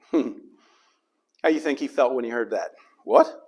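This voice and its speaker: A man's voice: mid-range voice, slow pace, a little mellow, breathy edge. Dramatic preaching pastor, man. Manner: dramatic, acts out the crowd's and Jesus' lines. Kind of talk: sermon.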